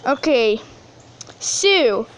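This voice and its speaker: High-voiced gushing teen girl. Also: lively intonation, drawn-out words, slight background noise. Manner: gushing, chatty, with many fillers. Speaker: vlogger. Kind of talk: casual unboxing chat.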